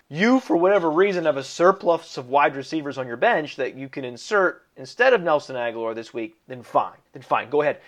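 A man co-hosting a fantasy football podcast in casual chat, wisecracking and emphatic, fond of puns. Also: a little high. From Italian heritage.

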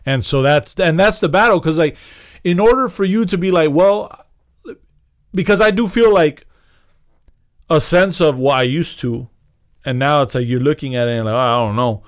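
A man's voice: fairly high pitch, moderate pace, pauses often. A man co-hosting a podcast, telling a long funny story in casual, profane chat and laughing often. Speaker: podcast co-host.

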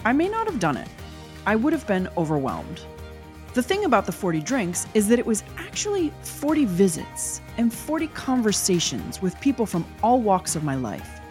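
A woman in her forties hosting a podcast, talking in a reflective, storytelling way with a gravelly, nasal voice from a cold. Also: medium pitch, a little mellow. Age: 40s. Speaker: podcast host. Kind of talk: podcast intro narration and interview.

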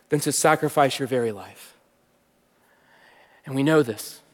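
A man's voice: mid-range voice, measured pace, long pauses. Man preaching in a long-echo hall. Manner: swings from soft and hushed to loud and emphatic. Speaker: pastor teaching. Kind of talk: sermon. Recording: long reverb of a large hall.

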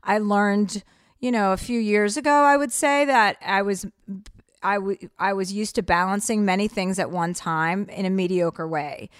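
A woman's voice: mid-range voice, moderate pace, smooth, no room sound. Blunt, dry-humored woman comedian. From New Jersey. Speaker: comedian guest. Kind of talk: casual interview chat.

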